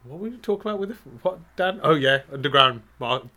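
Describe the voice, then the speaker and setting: A man's voice: on the high side, lively intonation, fast talker, bright, forceful tone. A man co-hosting a podcast, bantering playfully and laughing often in casual chat. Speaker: podcast co-host.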